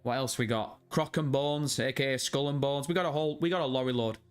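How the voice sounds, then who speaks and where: A man's voice: mid-range voice, fast talker, clean tone, faint music behind. A man hosting a casual livestream, jokey and rowdy, swearing freely and greeting chat members by name. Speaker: livestream host. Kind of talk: casual live stream chat.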